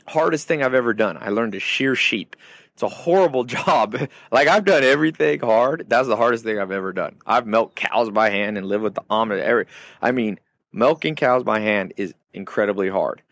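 A man's voice: lowish voice, moderate pace, a bit bright, no echo. A man hosting a podcast, delivering an emphatic motivational monologue in short, punchy phrases that repeat key points. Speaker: podcast host.

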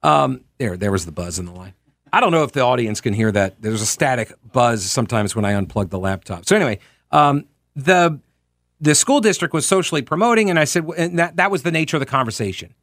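A male radio host from New York telling stories in a lively monologue, throwing in rhetorical questions. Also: mid-range voice, a little fast, no echo. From New York, Long Island. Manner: animated storytelling with rhetorical questions.

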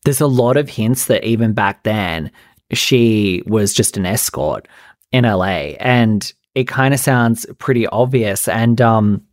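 A man's voice: fairly low pitch, a little slow, dry recording, studio quality. A man hosting a podcast, gossiping casually about reality TV with lots of "like" fillers. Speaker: podcast host.

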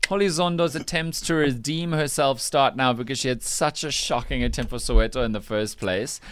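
A man with a South African accent hosting a breakfast radio show, teasing his co-hosts with wry, quick jabs in a studio. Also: medium pitch, fairly bright tone, clear, resonant tone, dry recording. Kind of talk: casual radio banter.

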